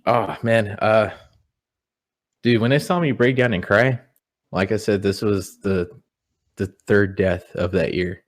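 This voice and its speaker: A young man telling personal stories in a relaxed, rambling way, full of "you know". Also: lowish voice, measured pace, pauses often. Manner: rambling, repeats words, many "you know"s. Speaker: guest. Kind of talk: casual podcast storytelling. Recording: audio-only podcast.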